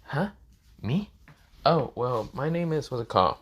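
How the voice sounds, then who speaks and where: Brief: man doing a pushy, defensive young woman, voice pitched well up. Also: lively intonation, measured pace, slightly rough. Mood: insistent. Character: brash young woman with purple chakra.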